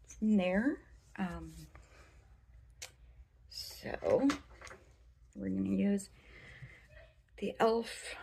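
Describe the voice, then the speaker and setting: A woman's voice: mid-range voice, drawn-out words, gravelly, pauses often, dark tone, slightly rough. A young woman from the American Midwest with a Midwestern accent, chatting through a casual makeup review vlog in her bedroom, rambling and often slipping into a whisper. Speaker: beauty vlogger.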